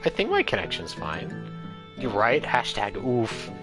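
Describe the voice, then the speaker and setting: A man streaming a game live, chatting and laughing as he reacts out loud. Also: lowish voice, huge pitch swings, a little slow. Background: game music.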